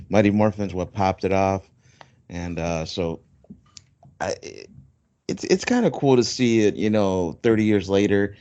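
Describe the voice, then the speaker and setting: A man's voice: low voice, a little mellow, no echo. A man hosting a podcast in casual chat, rambling with lots of fillers and frequent laughs. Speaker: podcast host. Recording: dull dry lo-fi recording.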